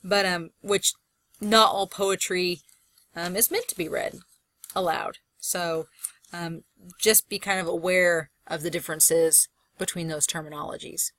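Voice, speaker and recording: Bright-voiced woman lecturing casually. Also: fairly low pitch, steady tone. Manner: conversational, thinking aloud, drawn-out example words. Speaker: college literature instructor. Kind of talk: recorded lecture walkthrough.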